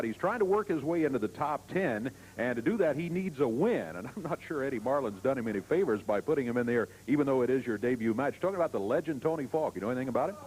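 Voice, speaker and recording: A man hosting and calling a televised wrestling segment, excitable and full of fillers. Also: mid-range voice, a little hiss or hum, poor audio. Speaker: wrestling announcer and interviewer.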